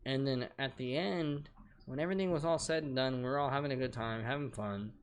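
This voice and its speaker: A man's voice: mid-range voice, a little fast, a little hiss or hum. A young man streaming a game from home at night, rambling and venting in casual chat with plenty of swearing.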